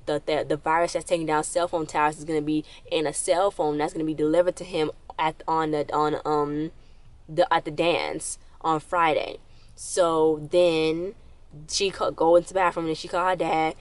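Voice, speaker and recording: Low-voiced woman casually recapping an episode. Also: flat delivery, moderate pace, dry recording. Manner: rambling, loose retelling with many fillers and restarts. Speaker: episode reviewer.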